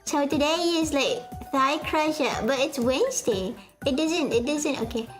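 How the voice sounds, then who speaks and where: Chatty young woman streamer, high voice. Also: measured pace. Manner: rambling, self-mocking, many fillers and restarts. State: sweaty. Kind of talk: casual chat with viewers. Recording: faint music behind.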